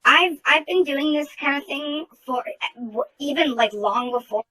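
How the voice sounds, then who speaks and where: Woman, fairly high voice, bright tone, outspoken, profane, many fillers, casual chat. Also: a little slow, rough recording. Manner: heated storytelling with many fillers.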